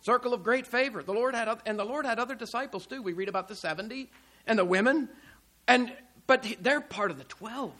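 A man preaching a sermon, emphatic, with rhetorical questions and swings between loud and quiet. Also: very high-pitched, a little fast. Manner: emphatic, rising and falling loudness, rhetorical questions.

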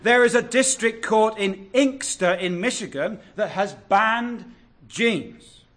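A man preaching a sermon, earnest and exhortative, drawing out key words slowly. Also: high-pitched, a bit bright. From England.

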